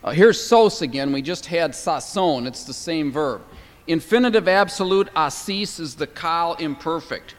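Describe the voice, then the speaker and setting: A man lecturing to a class, his voice sitting a little higher than most men's. He talks with eager enthusiasm, stops on fillers and restarts words as he thinks aloud. A long reverb trails after his words in the room. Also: expressive, normal speed. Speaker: teacher.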